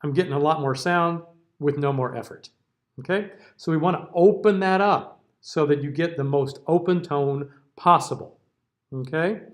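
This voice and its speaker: Man, higher voice, diction teacher, classroom lecture, sings example words. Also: normal speed. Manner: explanatory, checks in often with okay.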